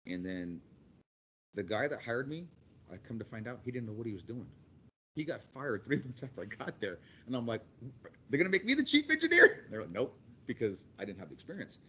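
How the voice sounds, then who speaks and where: A man's voice: lowish voice, expressive, fairly quick, lo-fi sound, slight background noise. A man in his forties, a guest speaker and construction manager, telling rambling, blunt stories in a casual way with many restarts. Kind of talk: casual storytelling to a class.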